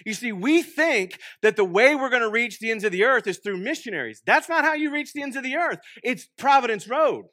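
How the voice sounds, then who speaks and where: A young man from Texas with a Texan accent preaching a sermon, joking and swinging between loud bursts and hushed asides. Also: very high-pitched, expressive, brisk, hardly any pauses, no room sound. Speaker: pastor. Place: church.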